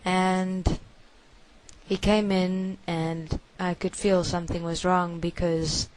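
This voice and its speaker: A woman recounts a confession in the first person. Her voice sits a little low, and she speaks very slowly. She talks in a halting, hushed way and circles back over the same phrases again and again. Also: little pitch movement, rough recording. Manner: halting, hushed storytelling with many repetitions.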